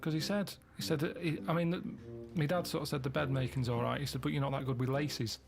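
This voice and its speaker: A man telling meandering stories in a flat, deadpan way during casual chat. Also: fairly high pitch, quick pace, vocal fry, over music. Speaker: regular on a comedy podcast. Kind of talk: casual chat, rambling anecdotes.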